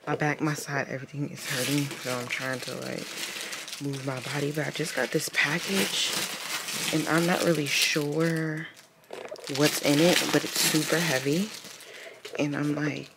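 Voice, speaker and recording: Chatty low-voiced woman vlogger, gravelly. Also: a little slow. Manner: chatty and animated, calls viewers girl, honey and y'all. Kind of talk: casual vlog chat. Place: in a car and at home. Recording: loud background noise.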